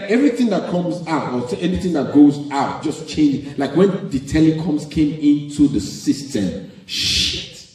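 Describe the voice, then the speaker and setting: A Nigerian man with a Nigerian accent performing animated live stand-up comedy. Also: mid-range voice. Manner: animated, storytelling. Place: live venue hall. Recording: echoey live hall, distant mic.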